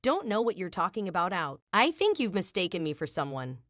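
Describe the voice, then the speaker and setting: A woman's voice: on the low side, very animated, a little fast, a bit bright, no room sound, studio quality. A woman voicing an evasive, dismissive husband caught in a lie, in a drama story. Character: lying husband, evasive middle-aged man.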